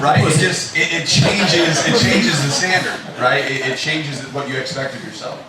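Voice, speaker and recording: A man's voice: medium pitch, normal speed, hardly any pauses, a loud crowd. A man from Utah, a business owner, sharing a self-mocking personal story and earnest advice with a group. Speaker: financial planning firm president. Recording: echoey room, distant mic, room noise.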